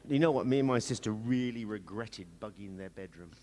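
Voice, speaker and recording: A man's voice: fairly low pitch, brisk. A man from England, a singer-songwriter joking with a live audience between songs in a wry, rambling, self-mocking way. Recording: live music playing behind.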